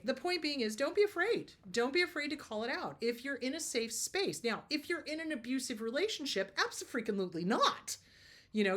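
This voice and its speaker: A middle-aged woman therapist speaking casually to her viewers in an emphatic, no-nonsense way. Her voice sits at an ordinary medium pitch. She tells stories lively and punches key words. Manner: emphatic, lively storytelling with laughs and mock quotes. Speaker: therapist hosting a Q&A show. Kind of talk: casual advice talk.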